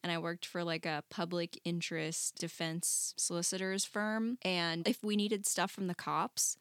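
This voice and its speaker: A young woman with a light Southern US accent, telling stories in a playful, animated way on a casual podcast. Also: fairly low pitch, unhurried, smooth, no echo, clean studio sound. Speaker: podcast co-host.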